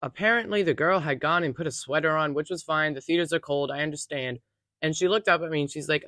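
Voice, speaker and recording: A young adult theater worker narrating casual workplace stories in an animated, wry way. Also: medium pitch, fast, dry recording.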